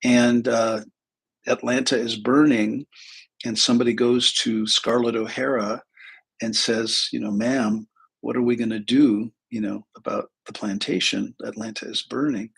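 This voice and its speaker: A man's voice: mid-range voice, steady tone, a little slow, vocal fry, husky, low-quality recording. A middle-aged man, a therapist and spiritual teacher, talking casually on a livestream in a rambling, self-deprecating way, full of fillers and restarts.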